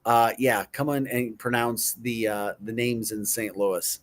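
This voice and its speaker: A man's voice: mid-range voice, steady tone, a little slow. A middle-aged man hosting a casual chat show, playful, repeating words in mock pronunciations and chuckling often. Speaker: show host.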